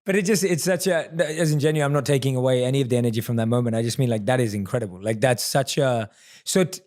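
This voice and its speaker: A male podcast host with a mid-range voice, eager and affirming, talking in quick bursts. He keeps his guest going with warm encouragement and open questions. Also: medium pitch. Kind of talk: podcast interview.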